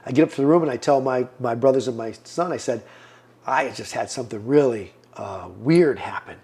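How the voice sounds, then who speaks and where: A man in his fifties tells his own story as a podcast guest, in a voice of ordinary pitch. He talks earnestly and acts out the lines other people said to him. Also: fast, a little mellow. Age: 50s. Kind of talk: personal testimony in an interview.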